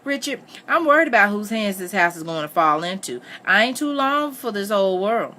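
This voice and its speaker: A woman's voice: big pitch swings, normal speed, sharp tone. A woman voicing an insistent, matchmaking older mother in a read-aloud story. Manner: insistent, raised high voice.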